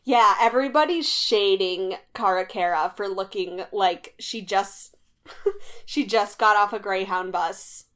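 A woman's voice: medium pitch, measured pace, fairly bright tone. A young woman co-hosting a casual recap chat, blunt and chatty with easy laughs. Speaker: podcast co-host.

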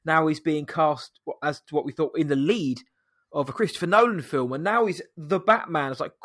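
Slightly higher-voiced man critiquing a film. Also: moderate pace, fairly bright tone. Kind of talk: casual film review chat.

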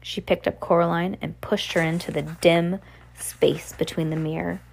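A woman's voice: on the low side, steady tone, normal speed, gravelly. A woman reading a novel aloud and breaking in with casual asides. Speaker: reader.

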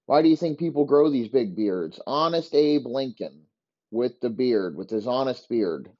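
A man's voice: mid-range voice, lively intonation, unhurried, mellow, muffled recording. A man hosting a podcast, ranting profanely in a rambling comic monologue. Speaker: podcast host. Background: dogs barking.

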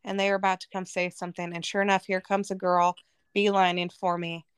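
A woman's voice: fairly low pitch, level tone, brisk, smooth, no echo. A woman from Arizona, a podcast guest, telling her personal testimony in an earnest, emotional way.

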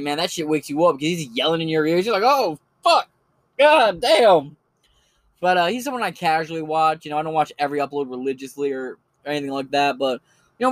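A man with a somewhat high-pitched voice talks in a loose, joking, rambling way and swears freely. His voice is recorded dry and close, with no room sound. He sounds like a podcast host chatting casually. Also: fairly bright tone, no room sound.

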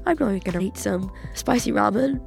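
A 21-year-old woman with a cold, chatting in a rambling solo podcast monologue full of "like", her voice croaky. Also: mid-range voice, moderate pace, soft background music. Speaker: podcast host. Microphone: podcast microphone.

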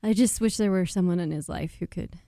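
A woman's voice: fairly low pitch, a little fast, gravelly, warm tone, no echo. A woman co-hosting a casual pop-culture chat, easygoing with a dry sense of humor. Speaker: podcast co-host.

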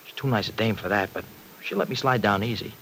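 An actor playing a brash, bitter young ex-con in a 1940s radio drama, talking in gruff slang. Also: male voice, on the low side, fast, fairly bright tone, lightly acted, rough recording. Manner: slangy, gruff, self-pitying talk. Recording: old radio recording with faint hiss.

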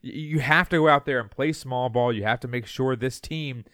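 A man's voice: mid-range voice, fairly quick, fairly bright tone, smooth, dry recording, clean studio sound. A man co-hosting a sports podcast, opinionated and jokey, arguing his point in loose chat over a remote call. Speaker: podcast co-host. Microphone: remote call mic.

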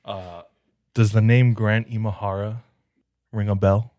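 A man co-hosting a podcast, telling relaxed, easygoing anecdotes in casual chat. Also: lowish voice, a little slow, no room sound. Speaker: podcast co-host.

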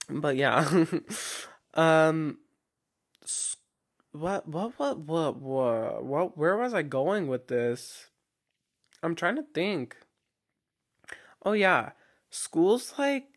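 Rambling young man podcasting, higher voice. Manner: rambling, chatty, heavy filler "like", frequent restarts. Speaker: podcast host. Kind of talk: casual solo podcast monologue.

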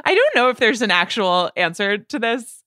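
A woman's voice: on the high side, big pitch swings, normal speed, pushed and bright, no echo, clean studio sound. A woman co-hosting a podcast, chatting casually and playfully about an album, laughing now and then. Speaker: podcast co-host. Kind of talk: casual music discussion.

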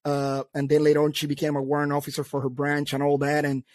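A man with a fairly high voice tells stories from his army days in a casual chat, slipping into voices for the people he quotes. The sound is dry and close. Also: completely flat delivery, fast, darkish tone, dry recording. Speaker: veteran guest.

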